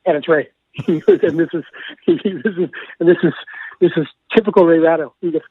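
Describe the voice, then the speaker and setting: A man, a hockey broadcaster, telling stories in an animated way, laughing often and repeating himself as he goes. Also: a little high, brisk, husky, dry recording. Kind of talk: animated storytelling. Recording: tinny phone-like line, dry.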